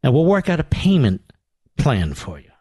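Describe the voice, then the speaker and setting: A man's voice: medium pitch, wildly swooping pitch, moderate pace, mellow, slightly rough, dry recording. A man doing a cold, condescending tax official. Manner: bureaucratic, clipped, condescending.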